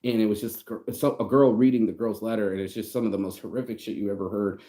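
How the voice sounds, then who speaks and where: A man's voice: lowish voice, fairly even intonation, fast, dark tone. A man vlogging in a rambling, profane, heartfelt monologue, close to tears. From United States. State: tearing up. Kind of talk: casual reflective monologue.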